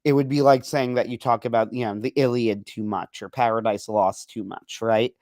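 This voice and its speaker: A man's voice: mid-range voice, normal speed, dry recording. A man co-hosting a podcast, ranting in a rambling, joking, casual way. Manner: rambling, animated, self-deprecating joker. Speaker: podcast co-host.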